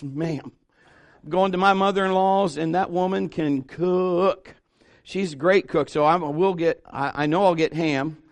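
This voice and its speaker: High-voiced pastor preaching with jokes. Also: male voice. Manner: conversational, joking preaching with asides to the congregation. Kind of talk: sermon. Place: church sanctuary.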